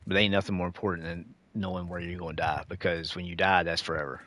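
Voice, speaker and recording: A man's voice: deep voice, little pitch movement, quick pace, sharp tone. A middle-aged man ranting casually to his viewers while gaming, preachy and lecturing, calling them dude and y'all. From United States. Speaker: gaming streamer.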